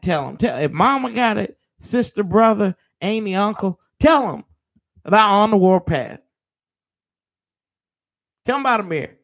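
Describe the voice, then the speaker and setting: A fired-up man rants to his live-stream viewers. His high voice has a gravelly edge, and he swears freely and calls everyone y'all. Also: fairly bright tone. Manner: fired-up, ranting, profane. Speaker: sports fan show host.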